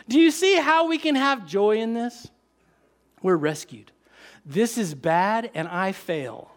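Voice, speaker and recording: A man with a high voice preaches to his congregation. He drifts between casual, joking asides and bursts of fervent, excited emphasis. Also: slow. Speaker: pastor. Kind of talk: sermon.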